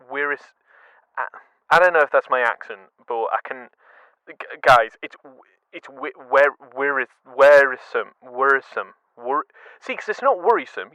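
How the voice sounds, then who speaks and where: A man's voice: medium pitch, no echo. A man giving casual comic commentary, stumbling over words and poking fun at himself. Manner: stumbling, animated, self-deprecating. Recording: dull dry lo-fi sound.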